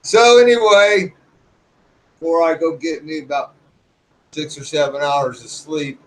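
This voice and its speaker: Brief: high-pitched guy ranting to his channel, swears freely, rambles. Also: fairly even intonation, measured pace, slight background noise, poor audio. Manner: rambling, profane, restarts sentences. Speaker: YouTuber. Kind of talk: casual rant to viewers.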